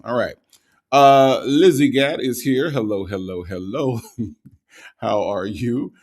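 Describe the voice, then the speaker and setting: A low, gravelly male voice hosts a casual livestream, greeting viewers one by one with easygoing repeated hellos. He sounds a little tired and sprinkles his talk with ums and uhs. There is a rough, creaky edge to his speech. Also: measured pace. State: tired, recovering from the night before. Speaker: livestream host reading viewer chat.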